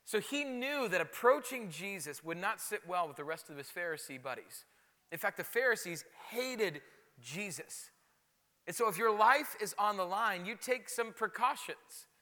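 A man preaching a sermon as pastor, animated and conversational, often repeating words for emphasis. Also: sits high, moderate pace, long reverb tail.

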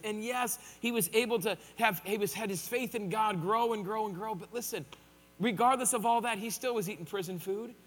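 A man's voice: high-pitched, a bit bright, in a large hall. A man preaching a sermon in a conversational way, with joking asides. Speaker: pastor.

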